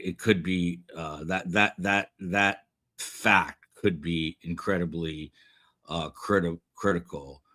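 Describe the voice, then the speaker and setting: A man's voice: sits low, pushed and bright. A middle-aged man hosting a live stream, reading chat comments aloud in a rambling, self-deprecating way with many fillers.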